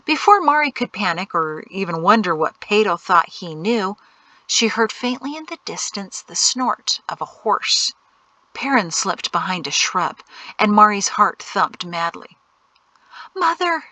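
A woman narrating an audiobook in a measured storytelling manner, dropping into hushed whispers at tense moments. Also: medium pitch, lively intonation, no room sound. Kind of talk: scripted narration.

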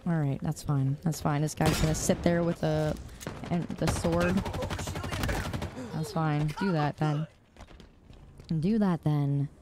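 A woman's voice: lowish voice, darkish tone. A young woman streaming a shooter game, chatting casually with her viewers, greeting them by name and laughing often. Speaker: live streamer. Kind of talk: casual live-stream chat while gaming. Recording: noisy with clicking behind the voice.

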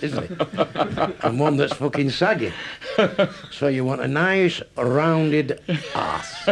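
A man's voice: medium pitch, vocal fry. A man with a Mancunian accent doing a crude stand-up comedy routine, chuckling at his own punchlines.

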